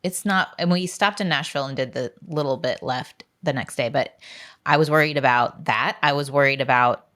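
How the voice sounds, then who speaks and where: A woman with a notably low voice co-hosts a casual podcast chat. She tells stories chattily and emotionally, full of asides. She is in her forties. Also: normal speed, fairly bright tone. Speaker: podcast co-host. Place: podcast studio.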